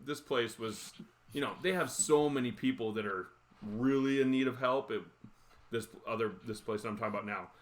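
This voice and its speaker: A man in his thirties hosting a livestream, telling stories in casual chat, animated and quick to laugh. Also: medium pitch. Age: 30s. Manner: animated, laughs often, acts out quotes. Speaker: livestream host.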